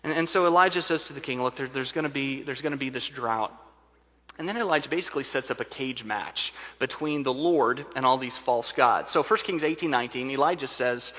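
A man preaching a sermon as pastor, swinging between booming emphasis and hushed, intimate asides. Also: fairly quick. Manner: dynamic preaching, shifting from loud to hushed. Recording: large hall with long reverb.

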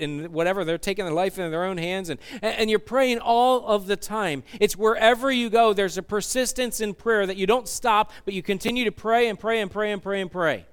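High-voiced, smooth male pastor preaching. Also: a little fast, few pauses, a bit bright. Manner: conversational, jokey, rising to fervent emphasis. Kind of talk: sermon.

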